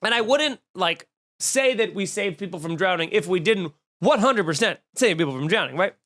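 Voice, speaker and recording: A man's voice: high voice, normal speed. A man hosting a comedy podcast, telling a wild story with profanity and acted-out quotes. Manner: animated, profane, acts out voices in his story. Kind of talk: comic storytelling rant.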